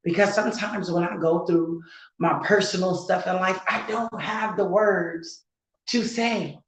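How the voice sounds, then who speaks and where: A woman content creator speaking earnestly and emotionally on a live stream, halting as she talks. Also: lowish voice, fairly even intonation, echoey room, low-quality recording. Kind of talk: heartfelt live-stream talk.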